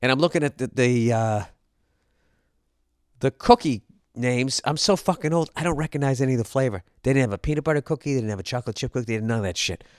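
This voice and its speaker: A man's voice: mid-range voice, quick pace, smooth, no echo. Guy ranting on his podcast, swears a lot, fed up, dry close sound. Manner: profane, exasperated storytelling. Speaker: podcast host. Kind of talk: comedic monologue rant.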